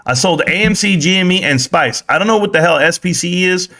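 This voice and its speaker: A young adult man hosting a casual stock live stream, reading the chat aloud, joking and swearing, swinging from excited shouts to low mutters. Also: fast.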